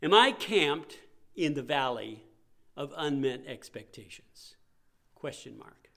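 A man's voice: medium pitch, sing-song, measured pace, creaky, pauses often, pushed and bright. A male pastor preaching a sermon in a conversational way, acting out the voices he quotes.

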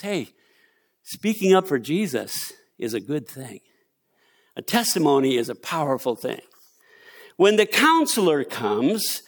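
Animated older man preaching a sermon. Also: high voice. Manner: animated storytelling preacher, acts out quotes.

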